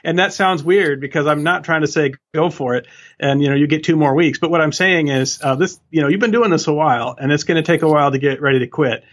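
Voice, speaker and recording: A male author answering interview questions in an earnest, even way, laying out his ideas step by step. His voice sits a little higher than most men's. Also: fast. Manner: earnest, steady explaining. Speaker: author and guest.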